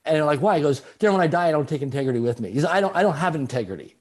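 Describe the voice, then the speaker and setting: A middle-aged man telling stories as an interview guest, animated and repeating phrases for emphasis. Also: on the high side, very fast. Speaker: guest speaker. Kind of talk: storytelling in a conversational interview.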